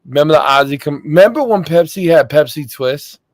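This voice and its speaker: A man with a high voice hosts a casual talk show, telling stories animatedly and breaking into loud laughs. The sound is close and dry, with no room around it. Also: lively intonation, fairly quick, no echo. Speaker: podcast host. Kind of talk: casual chat.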